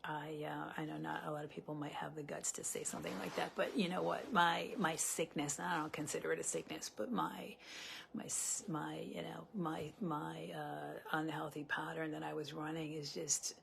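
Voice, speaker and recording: A woman's voice: low-pitched, level tone, normal speed, creaky, slight background noise. A woman relationship coach talking earnestly and conversationally to her viewers, with many fillers and restarts. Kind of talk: live coaching talk to viewers.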